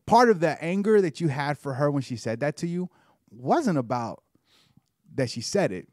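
Lively, higher-voiced male podcast co-host. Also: moderate pace, no echo, studio quality. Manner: lively, teasing, pointed. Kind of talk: casual conversation.

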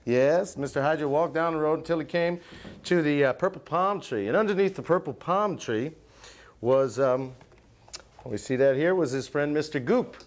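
A man hosting a live TV music show, telling a playful puppet story with lots of pauses. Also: fairly high pitch. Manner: rambling, playful, lots of uhs. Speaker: show host. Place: TV studio with live audience.

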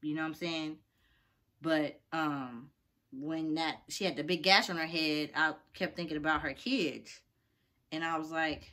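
A woman telling a personal story in a casual, animated way, acting out the other people's voices. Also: low-pitched, moderate pace.

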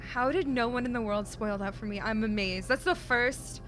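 A young woman streaming a video game, reacting excitedly, swearing and shrieking in surprise. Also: on the high side, normal speed. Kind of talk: live gameplay reactions. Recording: game music loud behind her.

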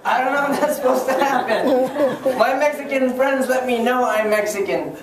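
A man's voice: very high voice, normal speed. A man from Hawaii performing a laid-back, self-deprecating stand-up comedy set in a library event room. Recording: echoey room from a distant mic, noisy.

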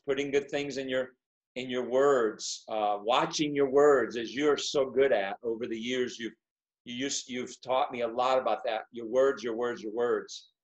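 Man, pastor, earnest, repeats words, restarts, video call, mid pitch. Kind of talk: casual video-call conversation.

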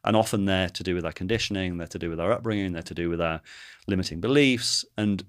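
Thoughtful male host, low voice. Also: fast, smooth, no echo, clean studio sound. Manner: thoughtful, searching for words. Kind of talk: casual conversational interview.

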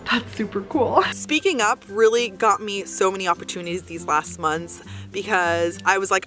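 A woman's voice: medium pitch, normal speed, sharp tone, faint music behind. A young adult woman vlogging in a casual, upbeat, chatty way, often saying "like". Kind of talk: casual vlog chat.

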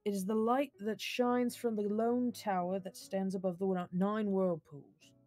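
A woman's voice: medium pitch, level tone, a little slow, warm tone, faint music behind, close to an everyday voice. A woman voicing a cautious old male ship's skipper, putting on a sailor's accent. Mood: warning.

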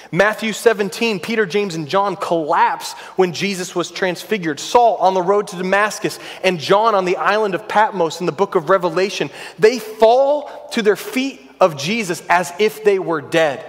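A pastor preaching a sermon in a church, earnest and emphatic, building intensity on repeated phrases. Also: male voice, high voice, normal speed, hardly any pauses. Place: church sanctuary. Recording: long reverb of a large church hall.

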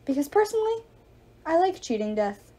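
A woman's voice: extremely high pitch, sing-song, normal speed, warm tone, pitched above the performer's own voice. A blunt teenage boy speaks grimly and to the point, as a woman reading a book puts him on. His dry delivery carries a hint of humor. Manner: grim, blunt.

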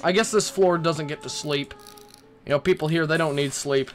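A man's voice: on the high side, normal speed, soft background music. A young man playing a horror game and commenting, nervous and rambling, swearing and talking back to the characters. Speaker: gaming YouTuber.

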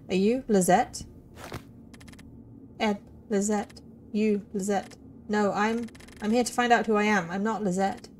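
A woman commentating her playthrough of a horror game, excitable and sarcastic, often laughing. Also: mid-range voice, normal speed, a little hiss or hum. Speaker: let's play gamer.

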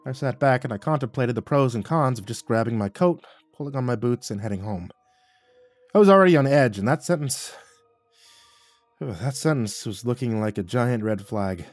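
A man reading a first-person horror story aloud, dramatic and swinging between hushed and loud. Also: medium pitch, expressive, moderate pace, no echo, soft background music.

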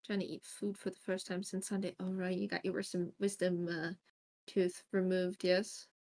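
A woman's voice: fairly low pitch, level tone, moderate pace, mellow. A woman streaming live in a casual chat, thinking aloud while she sets up and greets viewers by name, recorded at her home setup.

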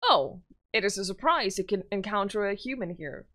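A woman voicing a sinister male water spirit who makes toys, speaking low and slow with quiet menace. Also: lively intonation. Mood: sly.

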